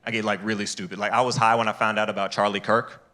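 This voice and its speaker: A man performing a stand-up comedy set on a live stage, jumping into high, loud voices to act out other people. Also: flat delivery, quick pace.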